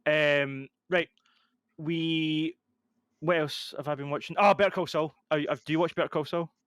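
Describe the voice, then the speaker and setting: A young man, co-hosting a podcast and telling stories in casual, animated chat. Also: on the high side, moderate pace, clean tone, no echo. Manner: animated storytelling, laughs often. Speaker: podcast co-host.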